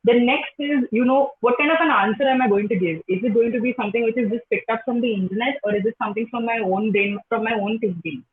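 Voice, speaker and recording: A woman's voice: a little high, fast, few pauses. A young woman with an Indian English accent, a teacher answering interview questions in a chatty way, full of "you know". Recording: echoey phone-like call line.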